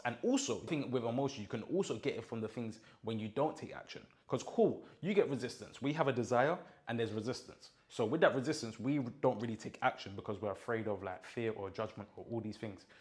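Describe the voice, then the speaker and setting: A man's voice: medium pitch, a little fast, hardly any pauses. A young man giving a casual motivational monologue, emphatic and full of slang, often checking in with his listener. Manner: emphatic, repeats points and checks in with "do you understand?". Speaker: mindset content creator.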